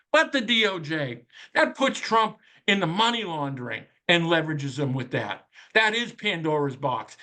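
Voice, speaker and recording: A man's voice: high-pitched, bright, forceful tone. A man giving a casual, ranting commentary on a podcast, profane and sardonic, firing off rhetorical questions in a conspiratorial tone.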